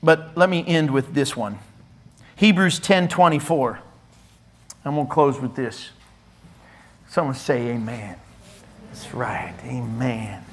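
A middle-aged male pastor preaching a sermon in a church, animated and teasing, playfully scolding his listeners. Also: medium pitch, takes it slowly, long pauses, slight background noise.

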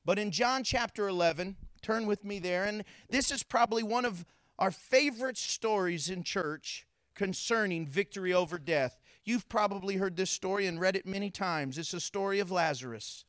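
A pastor preaching a sermon to his congregation, animated, acting out the voices of people in the story. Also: sits high, moderate pace, no echo, studio quality.

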